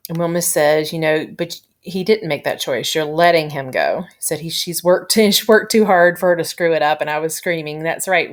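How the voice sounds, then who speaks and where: A woman reviewing a TV episode in a casual, gushing way, full of fillers and retold scenes. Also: sits low. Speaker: TV show reviewer.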